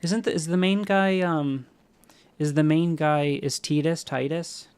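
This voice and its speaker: A man's voice: fairly high pitch, unhurried, a little mellow, clear, resonant tone. A man streaming a video game, rambling casually, answering chat, and making jokey asides, with a stuffy nose from allergies. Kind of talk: casual live-stream chat while playing.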